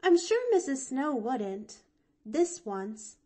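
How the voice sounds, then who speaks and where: A woman reads as a bright, high-pitched little girl in an audiobook, chattering on in a rush. Her voice leaps up and down with lively swings, though the words come at an unhurried pace. She is cheerful and eager, tumbling from one thought to the next. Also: exaggerated voice. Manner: eager, rambling, breathless chatter.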